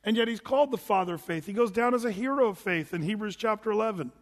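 Man preaching, conversational, animated asides, high voice, long hall echo. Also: quick pace. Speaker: pastor. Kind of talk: sermon.

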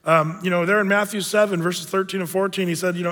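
High-voiced male pastor in a reverberant hall. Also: fairly even intonation, fast, a bit bright. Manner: conversational, joking asides. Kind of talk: sermon.

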